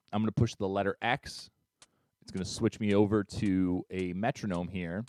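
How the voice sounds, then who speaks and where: A man teaching a music tutorial, upbeat and chatty, counting beats out loud as he demonstrates. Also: lowish voice. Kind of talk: screen-share tutorial.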